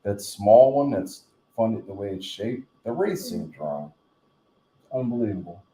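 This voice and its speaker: Mellow-voiced New man, rambling. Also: lowish voice, animated, measured pace. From New Jersey. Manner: rambling, joking storyteller. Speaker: live stream host. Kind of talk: casual live stream chat. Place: home room, in bed. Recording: roomy echo.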